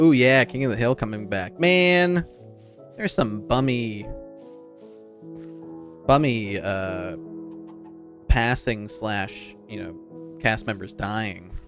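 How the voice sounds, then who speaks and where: A man rambles in casual live-stream chat with viewers as he plays a game, his voice nasal with a slight lisp. He speaks at a measured pace and medium pitch with fairly even intonation. Faint background music can be heard.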